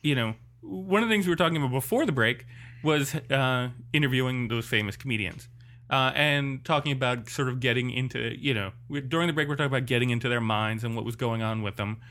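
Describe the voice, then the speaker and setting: Podcast host, male, bright voice, mid pitch, halting casual delivery. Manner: halting, full of uhs. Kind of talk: casual chat.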